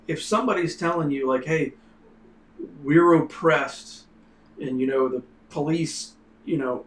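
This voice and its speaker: Male co-host, loose and rambling, casual discussion, roomy sound. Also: a little high. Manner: rambling, leans on "you know". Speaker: livestream co-host. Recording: roomy with faint noise.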